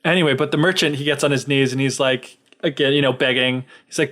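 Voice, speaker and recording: A man's voice: medium pitch, fairly even intonation, quick pace, few pauses, fairly bright tone. A young man co-hosting a podcast, casually retelling a fairy tale in a chatty, filler-heavy way. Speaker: podcast co-host. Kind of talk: casual storytelling.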